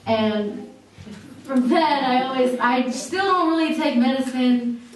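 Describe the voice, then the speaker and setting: A young woman giving a halting eulogy for her grandmother at a memorial viewing, with many fillers and restarts. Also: high voice. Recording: echoey hall, from far off, faint noise.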